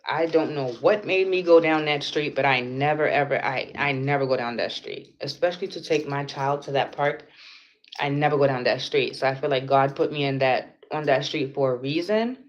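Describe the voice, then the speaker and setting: A woman's voice: low voice, moderate pace, muffled recording. A mother telling a personal story in an emotional vlog, earnest and repetitive, close to tears and swearing now and then. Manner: tearful, earnest, repeats herself, swears.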